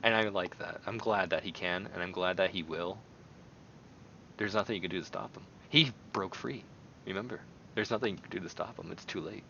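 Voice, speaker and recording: An excitable American man rambles through casual stream commentary, dropping to near-mumbles and then jumping to loud bursts. His voice is bright and forceful. The recording sounds a bit dull, with a faint rumble underneath. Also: brisk, vocal fry. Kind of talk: casual commentary while browsing online.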